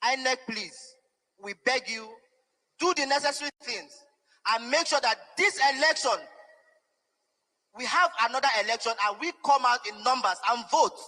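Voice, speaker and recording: A man's voice: very high voice, normal speed, pauses often, bright, forceful tone, big-room sound, low-quality recording. A young man, giving an emotional, pleading and defiant public statement at a press conference. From Nigeria.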